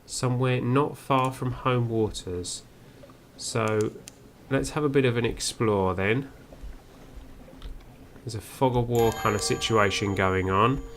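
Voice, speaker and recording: Gravelly man musing through a game. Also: mid-range voice, fairly even intonation, takes it slowly, a bit bright, slight background noise. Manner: musing, reads on-screen text aloud. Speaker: game streamer. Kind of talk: first-play commentary.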